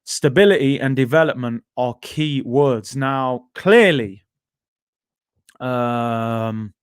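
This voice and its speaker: Speaking slowly and smoothly at a medium pitch, an English man hosts a casual football stream, chatting loosely and reading viewer comments with many fillers and asides. It's clean studio sound with no room reverb.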